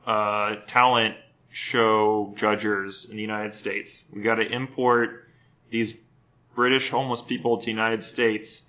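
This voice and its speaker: A man co-hosting a casual comedy podcast, riffing in a profane, rambling way. His voice has a bright, sharp edge, and the recording sounds slightly muffled. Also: on the low side. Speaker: podcast co-host.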